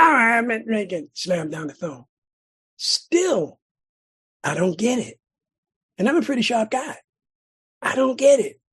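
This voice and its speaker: A middle-aged Californian man with a high-pitched, slightly rough voice shares his personal recovery testimony at a meeting. He tells it dramatically, with sudden loud bursts and rhythmic repetition.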